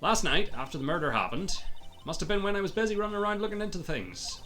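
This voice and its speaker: A man voicing a loud, brash female photographer from the American South, in a folksy drawl with a put-on Southern accent, reading video game lines. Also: sits high, very animated, quick pace, soft background music, voice pushed up, exaggerated voice.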